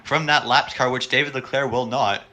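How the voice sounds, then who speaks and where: A man giving color commentary on an online sim race, chatty and quick to react with excited remarks. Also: medium pitch, a little hiss or hum.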